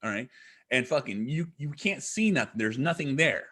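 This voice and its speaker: A man's voice: mid-range voice, expressive, moderate pace, bright, forceful tone. A man, a podcast guest, tells a rambling story in casual chat, swearing constantly and hammering his points. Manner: profane, rambling, emphatic.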